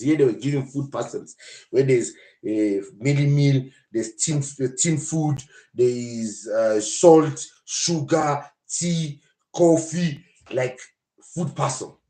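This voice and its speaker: A man hosting a casual live podcast, talking in an animated, mocking and joking way. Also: mid-range voice. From South Africa. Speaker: podcast host. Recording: roomy echo.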